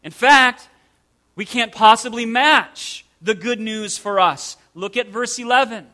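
A man's voice: sits high, lively intonation, unhurried, sharp tone. A man preaching a sermon as pastor, stressing single words and asking the listeners rhetorical questions.

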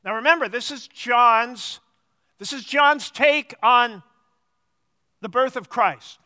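A man preaching a sermon as pastor, teaching slowly and repeating key words for emphasis. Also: very high-pitched, pushed and bright, clean tone, big-room sound.

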